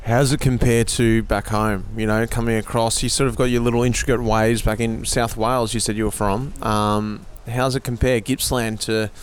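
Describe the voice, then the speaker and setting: A man's voice: medium pitch, level tone, moderate pace, hardly any pauses, a little hiss or hum. A man hosting a cycling podcast outdoors, chatting upbeat with fellow riders along the route. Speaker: podcast host. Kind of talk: casual chat while cycling.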